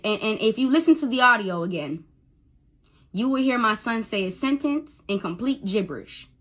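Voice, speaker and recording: A woman's voice: a little high, animated, normal speed, fairly bright tone. A young woman on a phone livestream, talking emotionally, stammering, repeating herself and swearing. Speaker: social media livestreamer.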